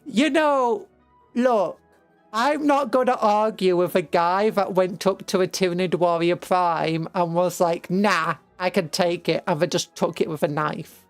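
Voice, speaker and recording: A young British woman streaming a game, rambling through an animated story retelling with casual asides. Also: lowish voice, measured pace, dry recording, soft background music. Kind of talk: casual chat while playing a game.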